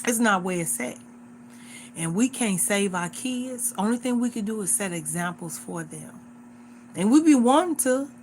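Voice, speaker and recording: A woman in her forties talks straight to her livestream audience. Her delivery is earnest and insistent, and she comes back to the same points again and again as if preaching casually from home. Her voice sits at a middle pitch for a woman. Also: expressive, normal speed, a little mellow, a little hiss or hum. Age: 40s. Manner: earnest, repetitive, exhorting. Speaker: livestream host.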